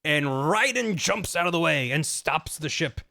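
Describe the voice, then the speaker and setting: A man's voice: a little high, lively intonation, measured pace, creaky, pushed and bright. A young man streaming a casual plot recap, rambling and chatty with lots of fillers. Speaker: streamer host.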